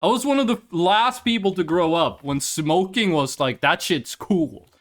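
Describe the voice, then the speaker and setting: A man's voice: sits high, expressive, normal speed. A young adult man chatting casually on a live stream and telling a story with lots of profanity.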